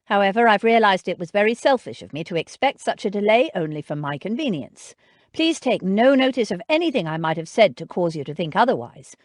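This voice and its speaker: A woman reading a courteous, formal letter written by a noble gentleman in an audiobook. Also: mid-range voice, big pitch swings, fairly quick, no room sound, clean studio sound, close to an everyday voice.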